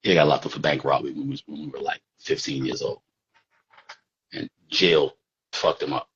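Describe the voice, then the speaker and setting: Husky New man spinning a street story. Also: extremely low pitch, fairly even intonation, normal speed, a bit bright. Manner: rambling, streetwise, profane, with fillers. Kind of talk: casual storytelling. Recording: dull lo-fi recording.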